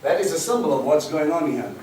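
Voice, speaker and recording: A man leads a Bible study in a fairly high voice, explaining Hebrew words and putting questions to his class. He sounds far from the mic in a very echoey room. A faint hiss runs under him. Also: animated, quick pace, darkish tone. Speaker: Bible teacher.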